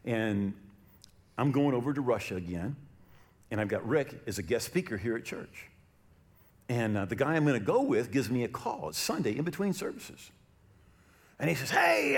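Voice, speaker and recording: A middle-aged male pastor preaching a sermon, telling stories and acting out the voices in them loudly. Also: mid-range voice. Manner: animated storytelling, acts out quoted voices loudly.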